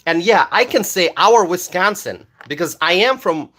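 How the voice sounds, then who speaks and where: A man from Bangladesh, hosting a casual livestream and reading viewer comments aloud, animated and loud at times. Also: high voice, moderate pace. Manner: animated, loud at times, with many fillers and repeated words. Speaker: livestream host reading chat.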